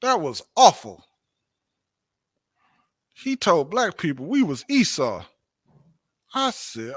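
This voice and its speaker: A man's voice: fairly high pitch, wildly swooping pitch, takes it slowly, long pauses, fairly bright tone. A man teaching a religious class, preaching emphatically, repeating his points and asking rhetorical questions. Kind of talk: preaching-style class talk.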